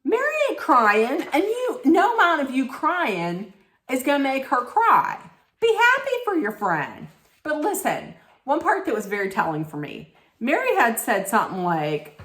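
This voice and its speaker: A woman's voice: on the high side, huge pitch swings, a little slow, fairly bright tone, reverberant. A woman giving a snarky, blunt recap straight to her viewers, emphatic and sarcastic. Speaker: reality TV recap vlogger.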